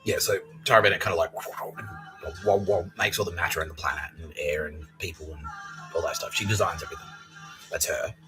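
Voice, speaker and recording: A man hosts a podcast and rambles through a comic monologue packed with swearing and "like, yeah" fillers. His voice is very low yet bright and forceful. Faint music plays underneath. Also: fairly even intonation, a little fast, rough recording. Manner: profane, rambling, full of fillers. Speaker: podcast host.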